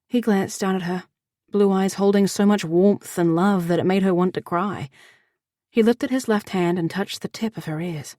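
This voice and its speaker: A woman's voice: medium pitch, normal speed, mellow, no room sound, clean studio sound. Woman narrating a romance audiobook. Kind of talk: scripted narration.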